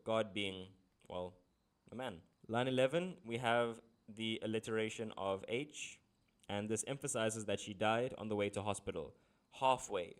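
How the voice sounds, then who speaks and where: A man teaches a poem analysis lesson. His voice sits a little low, and he explains each line step by step, dropping in deadpan asides.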